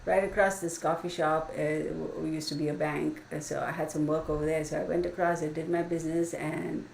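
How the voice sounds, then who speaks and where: A woman's voice: low voice, little pitch movement, brisk, gravelly, a little mellow, distant mic. A woman hosting a casual livestream, telling stories in a chatty way, laughing often and saying y'all. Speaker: channel host. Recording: echoey room from off-mic, faint hiss.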